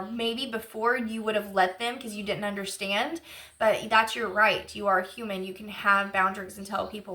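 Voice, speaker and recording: A woman's voice: mid-range voice, little pitch movement, brisk, sharp tone. A woman giving a casual channeled tarot reading, chatty and emotional, rambling with lots of fillers. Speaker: intuitive tarot reader.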